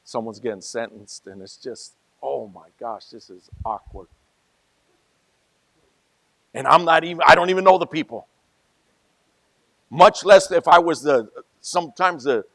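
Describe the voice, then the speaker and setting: A male pastor preaching a sermon in a conversational way, moving from soft asides to loud, emphatic peaks. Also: medium pitch, dry recording.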